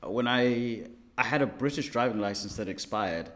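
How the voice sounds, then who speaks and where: A man from South Africa hosting a casual group discussion, talking in a thoughtful, halting way with fillers. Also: medium pitch.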